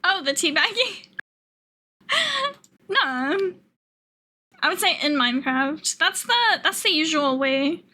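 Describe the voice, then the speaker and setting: A woman's voice: high voice, animated, moderate pace, pushed and bright. A young woman streaming a game live, chatting casually, swearing freely and laughing a lot.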